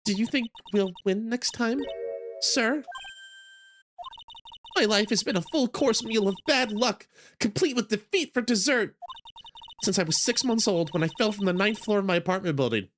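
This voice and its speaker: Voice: medium pitch, animated, moderate pace, faint music behind, voice pushed up, close to an everyday voice. A streamer voicing an eager, polite young woman who keeps calling people sir, reading a game aloud. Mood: chirpy. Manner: chirpy, polite, says sir. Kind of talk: reading a visual novel aloud.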